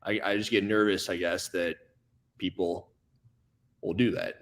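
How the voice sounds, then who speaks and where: A man's voice: low-pitched, fairly even intonation, a little slow. A man, a podcast guest, telling a story in casual chat and stammering through restarts. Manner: storytelling, acts out other people's voices.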